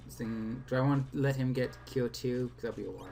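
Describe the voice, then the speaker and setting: A man's voice: mid-range voice, fast, gravelly, dark tone, faint music behind. A man co-hosting a game let's play, chatting casually and dropping dry, teasing quips. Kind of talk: casual chat over gameplay.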